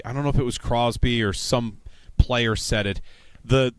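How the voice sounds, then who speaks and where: A man's voice: mid-range voice, no echo. A man hosting a sports talk radio show, chatting in a rambling, conversational way and reading show promos from a radio studio.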